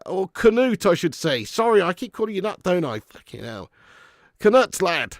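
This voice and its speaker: A man's voice: sits high, very animated, moderate pace, no room sound, studio quality. A man hosting a live football watch-along, joking and laughing as he thanks viewers for super chats.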